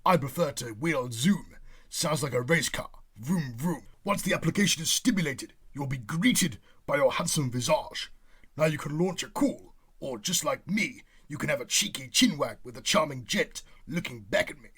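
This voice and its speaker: Guy doing a bumbling posh english politician, plummy and pompous, kinda husky. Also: a little high, expressive, normal speed, a bit bright, full character voice. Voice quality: plummy, old-fashioned phrasing. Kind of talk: comedy sketch impression.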